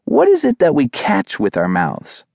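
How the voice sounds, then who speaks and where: A man voicing a calm, patient male dog who leads his friends with coaxing questions. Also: very high-pitched, unhurried, gravelly, dry recording, studio quality, voice pushed up, exaggerated voice.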